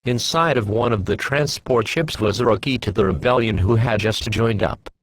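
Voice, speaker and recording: A man narrating his own science-fiction fan story aloud in a plain, steady reading voice. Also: mid-range voice, normal speed, slight background noise, rough recording.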